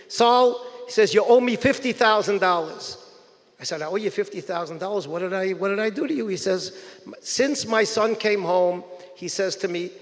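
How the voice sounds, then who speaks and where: A man giving a keynote speech, telling animated anecdotes and acting out quotes. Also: sits high. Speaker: keynote speaker. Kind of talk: storytelling speech. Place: event hall. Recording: long hall reverb.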